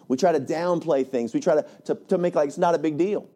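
A male pastor preaching a lively, conversational sermon, often checking in with "right?". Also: on the high side, quick pace. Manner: animated, conversational, frequent "right?".

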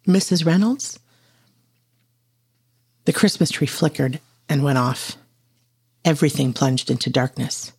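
Husky, gravelly storyteller. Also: male voice, medium pitch, fairly even intonation, moderate pace. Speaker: narrator. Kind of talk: second-person horror story narration.

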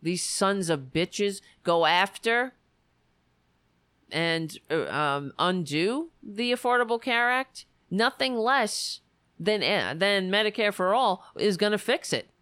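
Brief: furious, profane female commentator, slow, clear and dry close voice. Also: mid-range voice, expressive, fairly bright tone, no room sound. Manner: indignant, profane, emphatic. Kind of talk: angry political rant.

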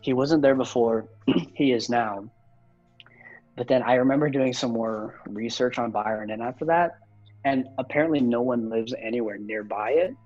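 Brief: young man, mid-pitched, loose rambling storyteller, lo-fi audio with faint music under it. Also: moderate pace, darkish tone. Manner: rambling, heavy "like" fillers, frequent swearing. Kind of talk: casual storytelling.

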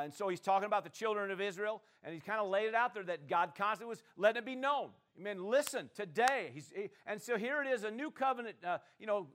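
A man preaching a sermon, calling on the congregation to answer and swinging between loud declarations and quiet asides. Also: high-pitched. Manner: call-and-response preaching, swings from loud to soft. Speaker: pastor.

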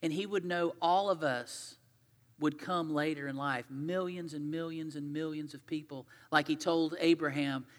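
A man's voice: a little high, fairly even intonation, normal speed, long reverb tail. A man preaching a sermon as pastor, earnest and conversational as he retells scripture in his own words.

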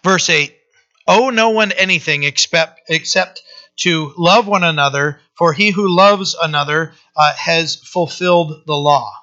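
A male pastor preaching a conversational sermon, often pausing with fillers and restarting his sentences. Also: fairly high pitch, sharp tone, highs cut off.

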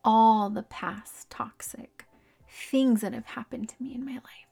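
A woman's voice: on the high side, fairly even intonation, dark tone, faint music behind, exaggerated voice. A woman putting on a whispery celebrity inner voice. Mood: soothing. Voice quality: whispery, breathy. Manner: slow, soothing self-talk. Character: breathy celebrity-style female inner voice. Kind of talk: whispered role-play.

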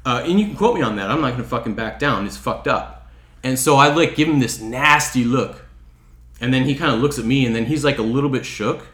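A man's voice: medium pitch, brisk, fairly bright tone, reverberant. A man from Chicago telling a story in casual chat, profane and heated, acting out what people said. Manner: profane, heated, acts out quotes.

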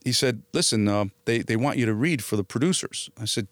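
A man's voice: medium pitch, fairly quick, dry recording. Middle-aged jersey guy telling stories, plays out all the dialogue, mid voice, dry room. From New Jersey area. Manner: animated anecdotes, quotes people in dialogue. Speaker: actor, interview guest. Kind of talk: casual storytelling.

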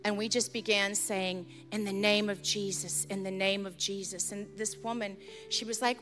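A middle-aged woman pastor telling a story in a sermon, earnest and urgent, turning quiet and intense as she leads a prayer. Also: mid-range voice, fairly even intonation, moderate pace, over music.

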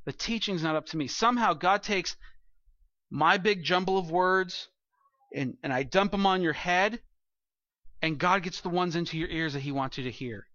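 A male pastor preaching a sermon at the front of a church, animated and conversational, slipping into quoted voices to make his points. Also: sits high, moderate pace, long pauses, no echo. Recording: dull lo-fi recording.

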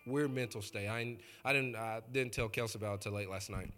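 Bright-voiced joking pastor man. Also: fairly low pitch, a little fast, soft background music. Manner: chatty, joking, addresses the congregation directly. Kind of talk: conversational sermon storytelling.

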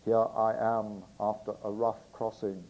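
A man shouting in a blustering voice as a rough, boastful old sailor in a comic poem he reads aloud. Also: on the low side, little pitch movement, measured pace, voice pushed down.

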